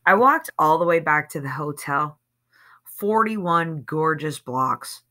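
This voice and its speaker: A woman's voice: sits low, animated, takes it slowly, pushed and bright. A woman reading a novel aloud in a conversational, slangy first-person voice with emphatic swings. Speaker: audiobook reader.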